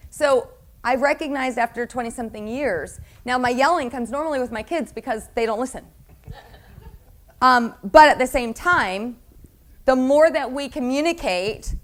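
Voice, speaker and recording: A middle-aged woman pastor preaching a sermon in a church, candid and confessional, often asking the congregation questions. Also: high-pitched. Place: church sanctuary.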